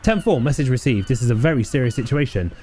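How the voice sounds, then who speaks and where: A man's voice: mid-range voice, expressive, quick pace, a little mellow, slight background noise, pitched above the performer's own voice, close to an everyday voice. A man voicing a scrawny old police radio operator with a rattly voice, speaking in clipped radio codes while reading a video game aloud. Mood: officious.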